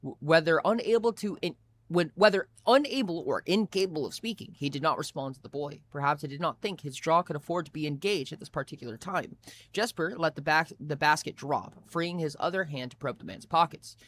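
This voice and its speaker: Expressive male streamer reading aloud. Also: on the high side, fairly quick. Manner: expressive reading with frequent restarts.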